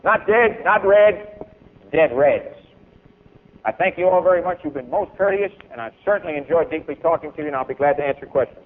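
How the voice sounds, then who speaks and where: This man's fairly high voice is expressive and fairly quick as he gives a forceful, declaiming speech at a university event and then answers questions from the crowd. His volume rises and falls dramatically, and the archival tape sounds tinny and lo-fi.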